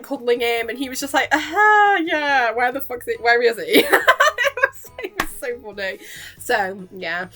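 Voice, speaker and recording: A woman's voice: a little high, pushed and bright. A young woman vlogging casually at home into a webcam, chatty and giggly, packing her talk with "like" as she recaps a cartoon episode. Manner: chatty and giggly, full of fillers like "like".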